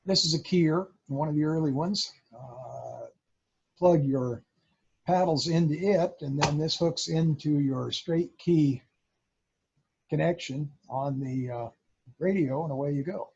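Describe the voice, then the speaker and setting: A man's voice: fairly high pitch, measured pace, gravelly, darkish tone, husky, highs cut off. A man presenting at a radio club, explaining in a show-and-tell talk and sounding out Morse code.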